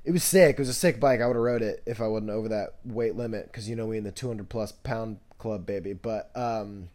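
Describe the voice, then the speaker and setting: Rambling young man with a mellow voice. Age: 20s. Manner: rambling, scatterbrained, jokey, full of fillers; animated, jumps into high voices when quoting others. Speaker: podcast host. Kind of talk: casual storytelling monologue.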